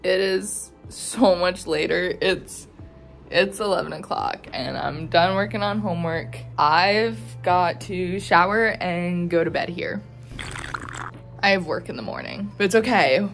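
A woman's voice: fairly low pitch, measured pace, creaky, faint music behind. A college student in her early twenties, vlogging into a phone held at arm's length and venting with lots of swearing. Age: early 20s. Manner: frustrated ranting, swears often. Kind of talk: casual vlog to camera. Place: her car, then her apartment.

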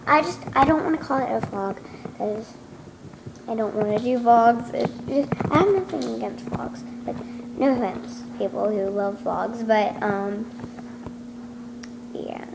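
A woman's voice: a little high, a little slow, long pauses. A woman chatting casually to her camera at home, rambling and hesitant with lots of ums and restarts. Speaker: vlogger. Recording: clear background noise.

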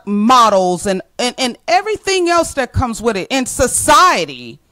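A woman's voice: a little high, fairly bright tone, dry recording, poor audio. A woman in her forties giving an earnest motivational talk straight to her listeners, stressing points by repeating them. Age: 40s. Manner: emphatic, repeats key phrases for stress; addresses listeners as ladies, earnest and plainspoken. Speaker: motivational speaker. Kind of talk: direct-to-camera motivational talk.

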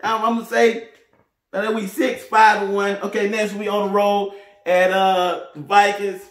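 A man rattles off boastful fan predictions in a high voice. He laughs and shouts when he gets fired up. The room around him is echoey. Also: little pitch movement, unhurried. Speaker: sports fan vlogger. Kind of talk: casual fan commentary to camera.

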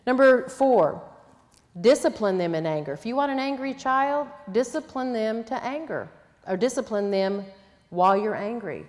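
This older conference speaker's voice is on the high side, expressive and a little mellow, at a normal speed. Teaching about parenting in a church conference hall, she speaks earnestly and plainly with quoted asides, and long reverb fills the room.

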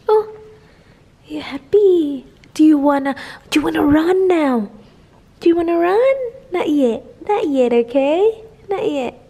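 A woman's voice: sits high, animated, unhurried, dark tone. A woman with a Filipino accent, a mother filming a casual home vlog who coos and chatters to her baby in a mix of Tagalog and English. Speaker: vlogger and mother. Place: home, indoors.

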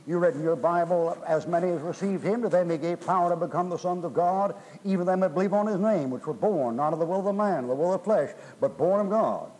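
A man's voice: sits high, fast, few pauses, a little mellow, poor audio. A middle-aged man preaching a sermon in a folksy, emphatic way, his voice rising in bursts. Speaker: pastor.

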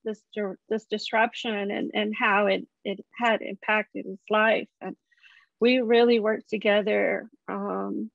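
A woman with a gravelly, fry-laden voice talks with heartfelt gratitude on a panel. The video-call audio is dull and lo-fi, with a dry, close sound. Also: medium pitch, flat delivery, slow, no room sound. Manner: warm, grateful, heartfelt. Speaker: online community founder, guest. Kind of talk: panel conversation.

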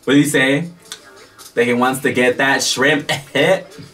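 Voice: mid-range voice, steady tone, a little slow, fairly bright tone, faint music behind. A vlogger reacting to a romance series, exclaiming, squealing and swearing freely while watching. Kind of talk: excited reaction commentary. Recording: distant mic.

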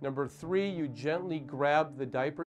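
Gentle, reassuring man, somewhat high-pitched. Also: unhurried. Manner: gentle, reassuring, plain explaining. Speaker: pediatrician. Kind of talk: demonstration with instructions to parents. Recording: faint music behind.

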